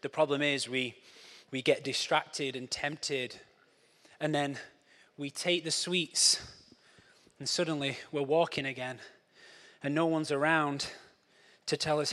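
A young man preaching a lively, joking sermon, acting out scenes and putting on quoted voices. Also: a little high, takes it slowly, long pauses. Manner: playful, animated, acts out scenes with quoted voices. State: out of breath after a race. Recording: long hall reverb.

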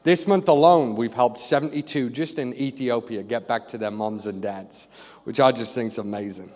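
A man's voice: mid-range voice, moderate pace. Northeast English man preaching in a big hall. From northeast England. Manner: lively, joking, animated storytelling. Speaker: pastor and charity leader. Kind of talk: sermon. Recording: reverberant hall.

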